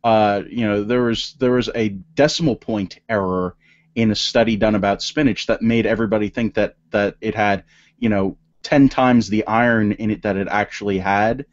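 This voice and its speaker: A man's voice: lowish voice, fairly even intonation, moderate pace. A man co-hosting a casual political podcast, talking in rambling sentences with many restarts and fillers. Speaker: podcast co-host. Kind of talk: casual panel chat. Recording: dull lo-fi audio.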